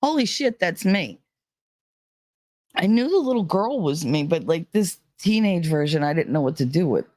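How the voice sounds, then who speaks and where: A woman's voice: deep voice, lively intonation, normal speed, darkish tone, no room sound, studio quality. A woman hosting her own channel, retelling a dream in a rambling, candid way with lots of filler words and the odd swear. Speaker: channel host. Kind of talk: casual monologue retelling a dream.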